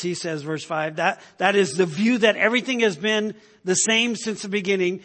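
A man's voice: sits high, moderate pace, few pauses, fairly bright tone. A man preaching a sermon in an emphatic, conversational way, often checking in with the listeners. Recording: long hall reverb.

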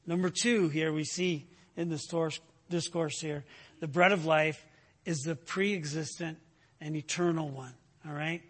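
A man delivers a teaching sermon in a high, husky voice. He quizzes his listeners with "right?" and "what?", and climbs in pitch as he drives a point home. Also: a little slow. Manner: teaching with frequent "right?" check-ins and rhetorical questions; animated, rising in pitch when making a point. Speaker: preacher.

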